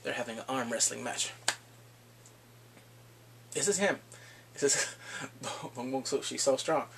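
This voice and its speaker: A man casually recapping a drama, animated and laughing often as he acts out the scenes. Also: medium pitch, unhurried, gravelly, background noise. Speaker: drama reviewer.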